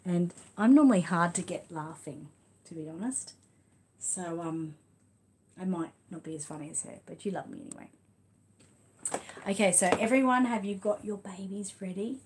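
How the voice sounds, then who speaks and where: An Australian woman hosting her channel, chatting casually to viewers and a child, then reading a storybook aloud with lively sound effects, in a home room. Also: fairly low pitch, normal speed, long pauses, a little hiss or hum. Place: home room with lights dimmed.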